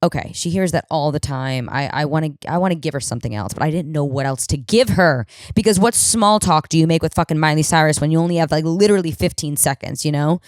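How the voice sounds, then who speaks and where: A woman in her thirties with a low, dusky voice tells a comedic story on her podcast, animated and self-mocking. She swears freely, keeps slipping into quoted voices, and talks fast with hardly any pauses. The sound is close and dry, with no room sound at all.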